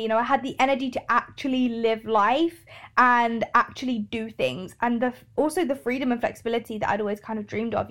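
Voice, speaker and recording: A woman's voice: a little high, fairly bright tone. A young woman hosting a podcast, talking candidly and emotionally, swearing often. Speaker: podcast host. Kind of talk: casual monologue.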